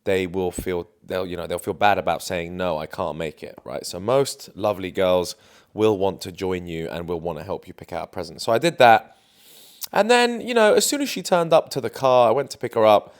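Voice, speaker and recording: A young man talks straight to camera, casual and self-assured. His voice sits low, and the story tumbles out in loose, filler-heavy sentences. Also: brisk, clear, resonant tone. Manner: chatty, confident, lots of fillers. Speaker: dating coach.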